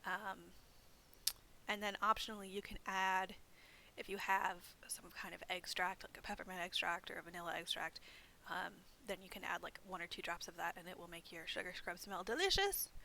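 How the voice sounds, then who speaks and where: A woman's voice: mid-range voice, gravelly, bright, forceful tone, low-quality recording. A young woman hosting a library craft demonstration, chatting casually and poking fun at herself, with lots of "um" and "like". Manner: chatty and self-deprecating, many fillers. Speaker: library program host.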